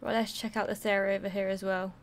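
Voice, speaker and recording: A woman's voice: mid-range voice, little pitch movement, quick pace, a little hiss or hum. A young woman playing a video game and chatting as she goes, reacting and reading text aloud. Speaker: gaming YouTuber. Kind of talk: let's play commentary.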